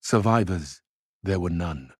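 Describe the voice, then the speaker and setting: Husky man reading a novel gravely. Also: low-pitched, lively intonation, no echo, clean studio sound. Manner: measured, grave, falls quiet at phrase ends. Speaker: reader.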